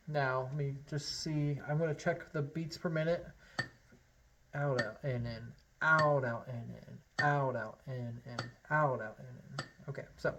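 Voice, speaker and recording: Upbeat encouraging man teaching harmonica. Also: fairly high pitch. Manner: encouraging, upbeat, talks straight to the learner. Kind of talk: friendly instructional lesson.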